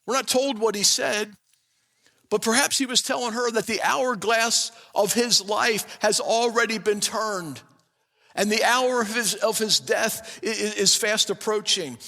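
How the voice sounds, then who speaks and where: Man preaching, very high voice, bright tone, storytelling style, long church reverb. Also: a little slow, creaky. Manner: vivid storytelling, addresses the congregation directly. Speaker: pastor. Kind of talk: sermon. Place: church sanctuary.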